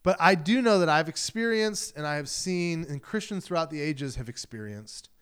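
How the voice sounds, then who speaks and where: Guy pastor giving a sermon, kinda higher voice, chatty and animated, does little voices for quotes. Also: moderate pace, clear, resonant tone.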